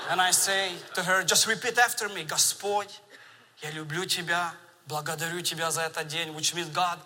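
Bright-voiced man preaching in a hall. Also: fairly high pitch, a little hiss or hum. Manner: animated storytelling with laughs. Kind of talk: sermon. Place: large church sanctuary. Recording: long reverb of a large church hall.

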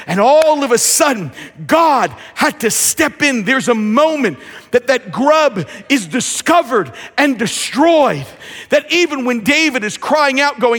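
A man preaching a sermon in a church, repeating phrases and building to shouted emphasis. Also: extremely high pitch, expressive, slow, long reverb tail. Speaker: pastor. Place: church sanctuary.

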